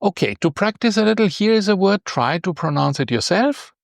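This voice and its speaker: A man teaching a beginner language lesson, explaining patiently step by step and lifting his pitch on key points. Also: expressive, a little fast, gravelly, no room sound, studio quality.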